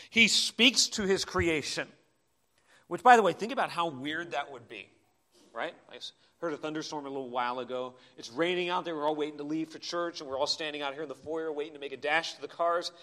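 Impassioned preacher man, bright high voice. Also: normal speed. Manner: impassioned, swings between loud urgent cries and quiet asides. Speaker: pastor. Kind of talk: sermon. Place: church.

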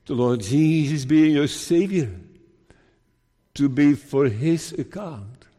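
A man preaching an earnest sermon as minister, with slow deliberate delivery and emphatic rises. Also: a little high, animated, mellow, in a large hall.

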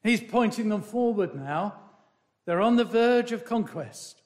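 Guy preaching a sermon, unhurried, high voice, hammers the same lines over and over. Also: lively intonation. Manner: slow and emphatic, swinging from loud to hushed; repeats key words and phrases for stress.

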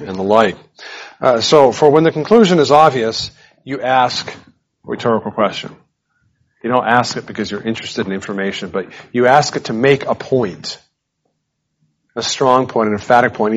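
A man giving a verse-by-verse Bible teaching, animated and emphatic, with casual conversational asides. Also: on the low side, lo-fi sound.

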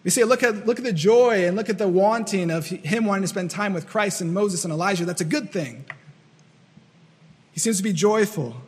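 A man's voice: high voice, normal speed, husky, long reverb tail. A man preaching a sermon in an earnest, repetitive way, acting out the voices he quotes. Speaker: pastor.

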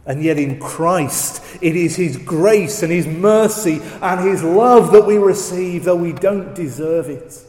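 A man preaching a sermon, slow and emphatic, leaning on repeated phrases. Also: high-pitched, a little mellow. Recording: roomy hall echo.

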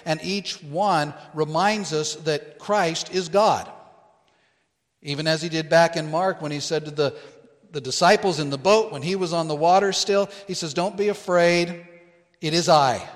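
A male pastor delivers a sermon in a slow, measured cadence, lingering on key phrases for emphasis. His voice sits a little high for a man. It rings out with the long reverb of a large hall. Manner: slow, deliberate preaching with emphatic quotes.

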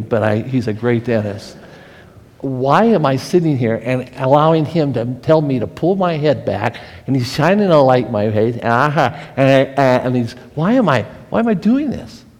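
A male pastor delivering an earnest sermon, with frequent restarts and swings in pace and pitch. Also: darkish tone. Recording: long hall reverb.

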